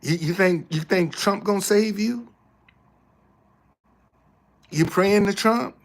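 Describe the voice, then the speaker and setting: A man's voice: high-pitched, takes it slowly. A man giving preachy casual commentary as an online host, emphatic and repeating his words like a preacher.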